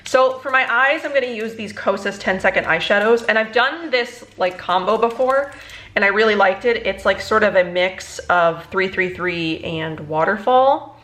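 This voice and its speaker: Young woman, beauty vlogger, rambling, halting, weary, confiding, casual chat. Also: mid-range voice, a bit bright. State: emotionally exhausted. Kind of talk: casual makeup tutorial chat.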